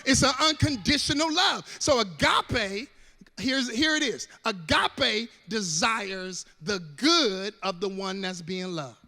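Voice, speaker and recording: High, bright-voiced preacher man. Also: expressive, takes it slowly, vocal fry, long reverb tail. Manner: call-and-response preaching, swings from hushed to shouting. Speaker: pastor. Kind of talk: sermon.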